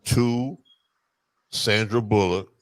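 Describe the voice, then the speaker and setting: A man co-hosting a casual podcast chat, talking haltingly as he searches for words. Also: lowish voice, steady tone, no echo. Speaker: podcast co-host.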